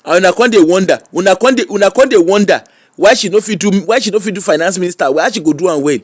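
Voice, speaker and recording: A Nigerian man delivering animated comic commentary while he streams, mixing in Pidgin. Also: sits high, fast, no room sound, clean studio sound. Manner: animated, mixes Pidgin and Yoruba.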